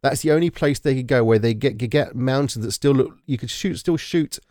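A man talking through a film in a casual, rambling way, pausing often with ums. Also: mid-range voice, dark tone, no echo, studio quality. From Britain. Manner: rambling, hesitant with many ums. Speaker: podcast co-host.

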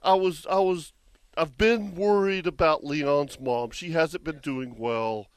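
A man hosting a radio fishing show, telling stories in a lively way, laughing often and repeating his words. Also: fairly high pitch, slow pace, clear, resonant tone, no echo. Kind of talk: casual chat.

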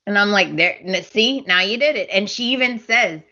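A woman's voice: medium pitch, animated, moderate pace, pushed and bright, dull audio, a little hiss or hum. A woman co-hosting a podcast, chatting casually and getting exasperated, laughing often. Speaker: podcast co-host. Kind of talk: casual chat recapping a soap opera.

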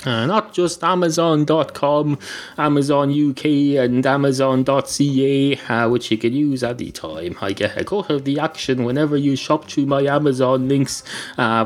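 An Irish man rambles through a comic monologue on his own podcast, meandering from joke to joke. He swears casually and pads his sentences with plenty of "uh"s. His voice sits at an ordinary mid pitch. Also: expressive, moderate pace. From Ireland. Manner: meandering, swears freely, frequent "uh" fillers. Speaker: podcast host.

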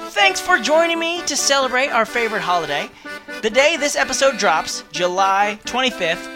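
A man hosting a podcast, chatting in an upbeat way and reading out listener mail with chatty asides. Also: high voice. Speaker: podcast host.

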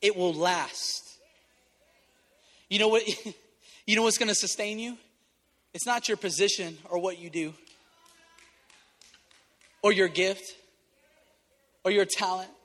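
A man preaching a sermon, emotional and close to tears, moving from loud appeals to soft, gentle asides. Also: sits high, fairly even intonation, measured pace, long pauses, in a large hall. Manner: emotional, swinging from loud exhortation to soft intimacy. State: tearful.

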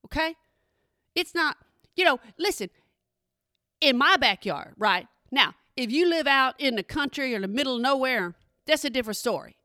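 A woman's voice: sits high, lively intonation, moderate pace, bright, forceful tone, dry recording, studio quality. A middle-aged woman and mother, chatting in a sassy, emphatic monologue straight to her listeners. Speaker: parent monologue host. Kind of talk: casual chat monologue.

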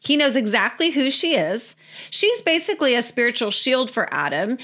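Lady with a higher voice chatting through a bible lesson, animated and repeating herself. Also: moderate pace. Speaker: Bible teacher. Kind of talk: casual Bible teaching talk.

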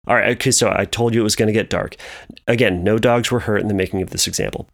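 A man explaining anxiety through a long playful metaphor, animated and repetitive. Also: on the low side, fast, creaky. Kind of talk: storytelling metaphor lesson.

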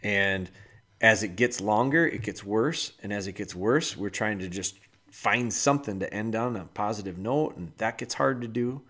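A man's voice: lowish voice, moderate pace, a bit bright. A man hosting a podcast, casually giving a listener dog-training advice with homely analogies and speaking to her directly.

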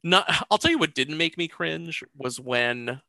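A man hosting a casual film review podcast, animated and joking, quick to laugh. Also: a little high, vocal fry, no echo. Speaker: podcast host.

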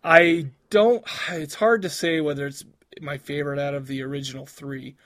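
A man's voice: a little high, steady tone, moderate pace, a bit bright. A man co-hosting a casual podcast chat, talking in rambling bursts with lots of restarts and laughs. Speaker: podcast co-host.

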